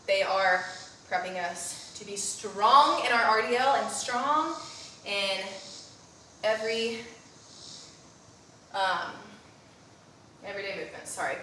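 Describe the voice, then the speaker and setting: This young woman teaches postpartum exercise live, taking it slowly with long pauses, her medium-pitched voice pushed and bright with lively intonation. She's a bit out of breath, cueing breaths and reps and frequently checking "okay?" as she coaches. A distant mic in a very echoey room catches a little hiss or hum.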